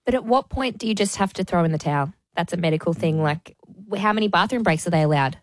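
A woman's voice: fairly low pitch, expressive, quick pace, no echo. A woman co-hosting a radio show, chatting casually and laughing often. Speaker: radio co-host.

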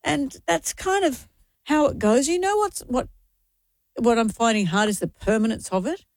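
A woman's voice: a little high, normal speed, no room sound, clean studio sound. A woman, co-hosting a radio show in casual chat, emotional and rambling. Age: 60s. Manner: emotional, tearful, rambling and candid. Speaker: radio co-host.

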